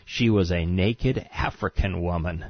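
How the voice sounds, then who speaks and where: A man's voice: low-pitched, unhurried, no room sound. A man giving scornful, sarcastic scripted narration as a documentary narrator, in a dull, dry recording.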